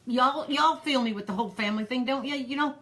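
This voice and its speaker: In a high, fast, sharp voice pushed upward, a woman performs a frazzled, gossipy elderly granny throwing a pearl party. It's a comedic character live stream, and the chatty granny rambles on in a folksy drawl.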